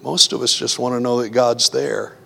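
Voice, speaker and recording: A man's voice: mid-range voice, steady tone, moderate pace, gravelly, pushed and bright, a little hiss or hum. A man preaching in a conversational way, telling personal stories and acting out his own worried thoughts in quotes. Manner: earnest, acts out his own inner voice in quotes. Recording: long reverb of a hall.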